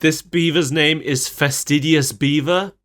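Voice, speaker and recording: A man's voice: a little high, steady tone, unhurried, a bit bright. Casual guy on a podcast, talks a lot and keeps laughing. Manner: chatty, laughs often. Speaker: podcast co-host. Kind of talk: casual chat recapping a cartoon.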